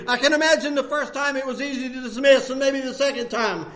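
Man, preacher, sermon, high-pitched, animated, loud-soft swings. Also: fast. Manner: animated, swings between loud bursts and hushed lines, laughs often.

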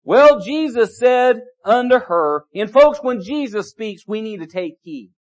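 A man's voice: extremely high pitch, expressive, measured pace. A man preaching a sermon, repeating key phrases and asking the congregation rhetorical questions. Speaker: pastor. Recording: dull lo-fi recording.

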